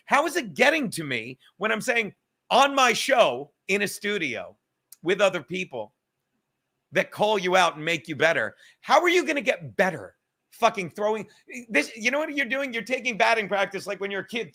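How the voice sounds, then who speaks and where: A man with a high, sharp voice hosts a live-stream podcast from a studio. He reads the chat aloud and rants in a combative, profane, mocking way.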